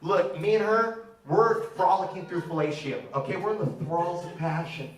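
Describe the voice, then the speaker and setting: Stand-up comic, man, 30s, high voice, brash and crude, echoey room, mic from a distance. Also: moderate pace. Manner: brash, profane, teasing the crowd. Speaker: stand-up comedian. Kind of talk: stand-up set with crowd work. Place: comedy theater stage.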